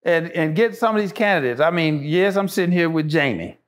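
A man's voice: on the high side, expressive, fairly quick, crowd noise. A man, a show guest, talking passionately and emphatically, repeating phrases to drive his points home. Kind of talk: impassioned casual talk.

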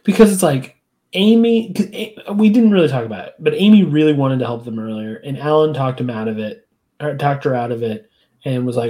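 A podcast co-host in casual chat, animated and laughing, acting out quoted lines with big jumps in pitch. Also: fairly quick.

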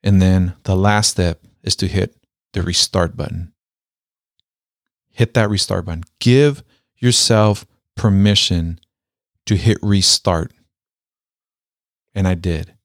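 A man telling a personal story with a military background, speaking emphatically, repeating key phrases and slowing down to stress them. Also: sits low, no echo, clean studio sound. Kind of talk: motivational storytelling.

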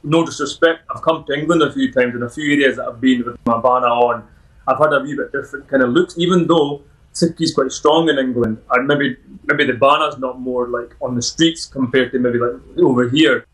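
A man's voice: mid-range voice, a little fast, fairly bright tone, poor audio. Upbeat Scottish man telling stories. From Scotland. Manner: upbeat, anecdotal, laughs often. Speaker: podcast guest. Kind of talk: casual interview storytelling.

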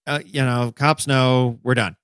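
A man co-hosting a casual podcast discussion, animated, acting out quotes in voices and building long metaphors. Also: medium pitch, a little slow, smooth, no room sound, studio quality. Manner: talks in extended metaphors. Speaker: podcast co-host.

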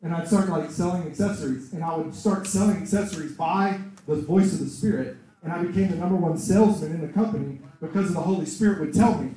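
Mellow man preaching in an echoey room. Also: on the high side, quick pace, few pauses. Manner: animated storytelling, acts out voices in quotes. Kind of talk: sermon with personal testimony. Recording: very echoey room, voice far from mic.

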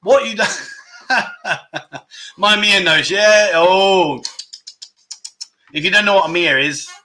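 A man hosts a relaxed live chat, reading out comments and breaking into frequent laughs. His voice sits a little high and sounds bright and forward. He slows right down when he teaches a foreign word. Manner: chuckling often, teaching Thai words slowly. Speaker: livestream host.

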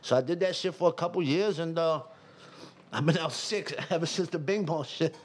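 A man, telling rough, profane stories as a podcast guest and laughing often. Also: fairly high pitch, moderate pace, a little hiss or hum. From Brooklyn, New York. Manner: loud, laughing, profane storytelling. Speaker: guest rapper. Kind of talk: casual podcast chat.

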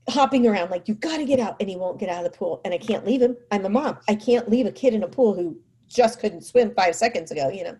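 A mother telling a personal story in a casual way, full of "like" and "you know", acting out what people said. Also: on the low side. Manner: animated, acts out quoted speech; frequent fillers like "like" and "you know".

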